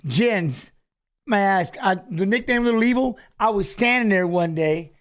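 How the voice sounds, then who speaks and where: A middle-aged man with a high, light voice chats casually as a co-host during a live fight watch-along. He tells stories animatedly and often repeats his phrases. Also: animated, moderate pace.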